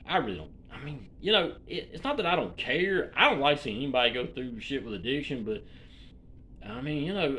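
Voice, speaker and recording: Man, forties, Alabama accent, bright sharp voice, casual profane rambling rant. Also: mid-range voice, a little hiss or hum. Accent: Alabama Southern US. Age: 40s. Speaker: vlogger.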